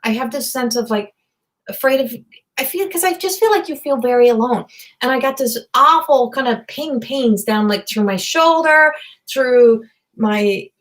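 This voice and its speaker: A woman's voice: high voice, normal speed. Earnest, rambling woman psychic. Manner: rambling and repetitive, many fillers. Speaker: psychic medium and tarot reader. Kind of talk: live channeled reading.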